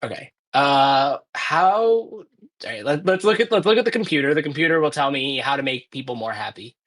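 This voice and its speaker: A man's voice: medium pitch, animated, normal speed, fairly bright tone. A man streaming a speedrun, chatting casually and thinking aloud as he plays, often correcting himself. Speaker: speedrunner playing live. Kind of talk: casual commentary while playing.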